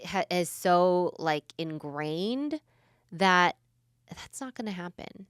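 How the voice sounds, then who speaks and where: A middle-aged woman, a podcast co-host, talking in casual chat, relaxed and thoughtful with hesitant restarts. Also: fairly low pitch, slow pace, clean tone, no echo, clean studio sound.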